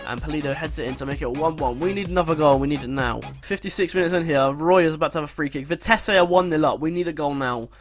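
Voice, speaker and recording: A young man narrating his football management game as play-by-play commentary, breaking into loud, swearing outbursts. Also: a little high, fast talker, hardly any pauses, faint music behind. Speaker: gaming commentator.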